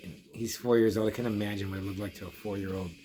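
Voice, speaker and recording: A man's voice: lowish voice, fairly even intonation, quick pace, dark tone. A middle-aged man casually telling a long story for his horror review vlog, rambling with many restarts and quoted asides. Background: music.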